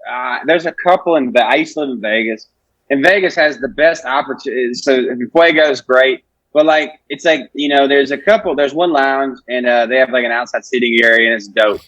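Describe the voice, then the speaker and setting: A young man in his twenties rambles through his stories as a podcast guest, cursing and leaning on "like" constantly. He is recorded dry and close, with no room sound. His pitch is in the middle range. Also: normal speed, pushed and bright, no room sound, muffled recording. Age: 20s. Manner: rambling, profane, heavy use of "like". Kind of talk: casual chat.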